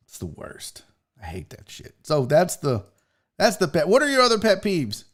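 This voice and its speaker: Animated, profane man hosting a rant. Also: high voice, unhurried. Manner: profane, exasperated, animated storytelling. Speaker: show host. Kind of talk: casual comedic rant, reading viewer comments.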